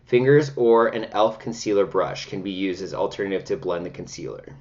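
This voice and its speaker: A man's voice: low-pitched, a little fast, darkish tone, lo-fi sound. A man talking chattily and dramatically at home while he reviews makeup, full of sassy exclamations. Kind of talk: casual makeup review vlog.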